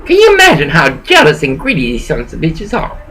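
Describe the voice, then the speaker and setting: A woman's voice: low-pitched, wildly swooping pitch, brisk, a bit bright, slight background noise, low-quality recording. A woman recording a rambling personal monologue at home on her laptop, preachy and emotional, swinging between laughter and bitterness. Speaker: vlogger. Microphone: laptop webcam.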